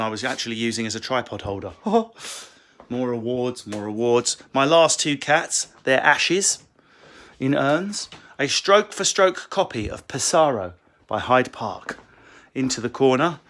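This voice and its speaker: A comedian answering viewer questions in a casual Q&A, swearing and joking in quick asides, from a book-lined room at home on a phone. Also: male voice, medium pitch, animated, a bit bright. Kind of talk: casual livestream Q&A.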